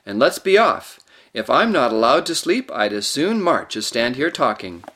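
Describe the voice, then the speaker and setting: A man voicing a gruff, plain-spoken male dwarf who grumbles bluntly. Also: medium pitch, very animated, normal speed, a bit bright. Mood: impatient.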